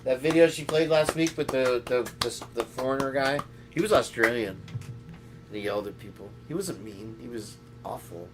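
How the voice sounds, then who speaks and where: A man's voice: mid-range voice, normal speed, over music. A man hosting a casual podcast, rambling through stories and jokes and laughing often. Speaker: host.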